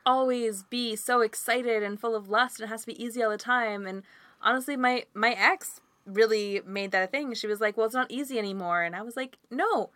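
A woman's voice: a little high, steady tone, moderate pace, a bit bright, dry recording. A woman on a podcast, talking in a candid, thoughtful way about her own experiences. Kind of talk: casual chat.

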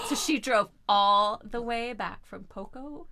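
A woman telling a personal story in a casual chat, animated and laughing often as she acts out voices. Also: on the high side, unhurried. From Canada.

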